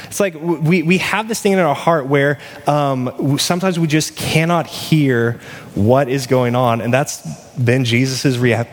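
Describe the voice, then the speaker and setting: A man preaching a sermon in a conversational way, acting out dialogue with lively restarts. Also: medium pitch, a little slow. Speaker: pastor. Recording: long hall reverb.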